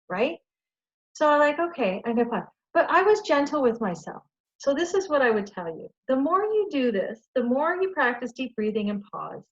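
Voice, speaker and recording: A woman's voice: fairly high pitch, highs cut off. A woman giving an informal workshop talk on stress, conversational and self-deprecating, acting out her own inner thoughts. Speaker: workshop presenter.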